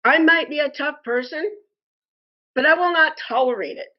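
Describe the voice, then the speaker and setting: A frustrated woman delivering an indignant complaint monologue, speaking deliberately and calling her listeners "folks". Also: sits high, highs cut off. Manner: slow, deliberate and indignant, addresses viewers as "folks". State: frustrated and angry. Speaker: customer posting a complaint review.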